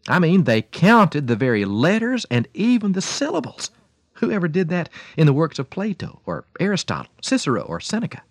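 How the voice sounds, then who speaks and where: A man hosting a radio devotional talk, telling a story and preaching in an animated, emphatic way. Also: a little high, fairly quick, no echo. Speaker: radio program host and preacher.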